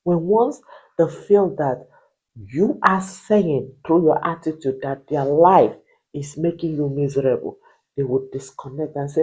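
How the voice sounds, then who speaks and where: A woman's voice: deep voice, measured pace, warm tone, slightly rough, low-quality recording. A woman, a marriage coach preaching to wives in emphatic, repeated rhetorical questions. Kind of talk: motivational preaching.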